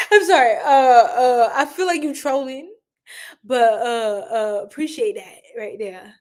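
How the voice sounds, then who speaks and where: A young woman giving a casual live-stream tarot reading, animated and slangy as she chats with her viewers. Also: on the high side, slow pace.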